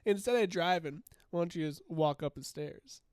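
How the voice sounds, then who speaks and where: A man's voice: a little high, moderate pace, a little mellow, clear, resonant tone, no echo, clean studio sound. A congested young man co-hosting a podcast, joking and giggly, full of slang. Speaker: podcast co-host. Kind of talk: casual chat.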